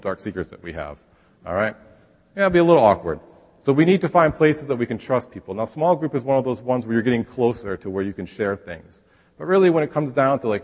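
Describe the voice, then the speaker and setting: A man preaching a sermon in a relaxed, conversational way, sometimes acting out the voices he quotes. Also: lowish voice, big-room sound. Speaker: pastor.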